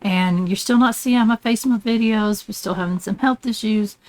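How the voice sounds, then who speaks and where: An older woman hosting a relaxed let's play, chatting and rambling as she plays and often getting sidetracked. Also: medium pitch, moderate pace, poor audio. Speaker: gaming channel host. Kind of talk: casual let's play commentary.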